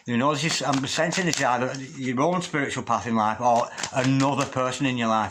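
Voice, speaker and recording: Man, tarot reader, casual chatty reading, mid-pitched voice, calls on spirit guides. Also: a little fast, few pauses, background noise.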